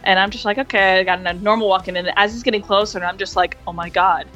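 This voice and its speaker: A woman guest in a casual interview, telling lively stories, laughing often and acting out voices. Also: mid-range voice, fast talker, faint music behind. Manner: animated, laughs often, acts out quoted voices. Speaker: interview guest, hotel hospitality worker.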